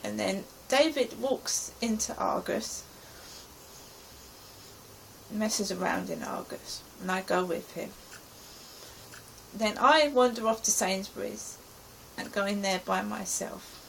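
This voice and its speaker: A woman's voice: medium pitch, slow pace, creaky, long pauses, slight background noise, poor audio. A middle-aged woman from England giving an anxious, rambling account of her day as a personal diary. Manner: anxious, rambling present-tense retelling. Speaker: vlogger.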